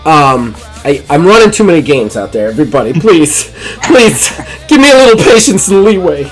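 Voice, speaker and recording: A man's voice: fairly high pitch, very animated, moderate pace, faint music behind. A man narrating a live-play tabletop game as game master, chatty and apologetic, laughing often.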